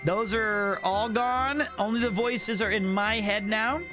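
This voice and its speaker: High-voiced joking male streamer. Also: steady tone, a little slow, music in the background. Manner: playful and jokey, swears freely. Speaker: livestreamer. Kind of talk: casual chat with viewers.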